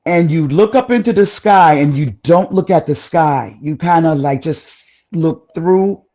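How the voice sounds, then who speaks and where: A woman guest in a casual chat, telling a personal story in an animated, rambling way with frequent exclamations. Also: low voice, measured pace, lo-fi sound.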